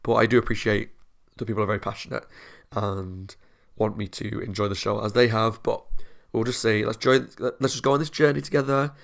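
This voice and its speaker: A man's voice: fairly low pitch, steady tone, a little fast, vocal fry. A young man, hosting a reaction video in earnest, rambling casual chat and laughing often.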